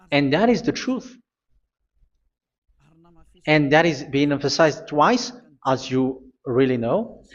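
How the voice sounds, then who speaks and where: A man preaching a sermon, reading scripture aloud, halting and repeating phrases as he goes. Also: on the high side, dull audio.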